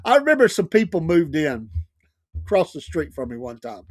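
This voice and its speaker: A man's voice: fairly high pitch, very animated, normal speed, husky, no echo, clean studio sound. A middle-aged man hosting a radio show, telling neighborhood stories in a casual way and laughing often. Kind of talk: casual storytelling chat.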